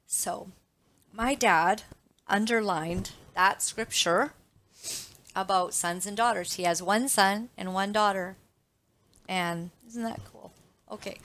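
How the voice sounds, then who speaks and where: A woman's voice: mid-range voice, takes it slowly, a bit bright. A woman hosting a talk show in a chatty monologue, laughing often and restarting her sentences. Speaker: show host.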